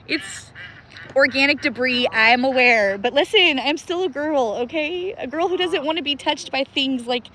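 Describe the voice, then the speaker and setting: A woman's voice: sits high, moderate pace, pushed and bright, a little hiss or hum. A woman chatting casually to her viewers on a live stream from outdoors in a river, giggling often and greeting viewers by name. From Pacific Northwest of the US. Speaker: livestream host.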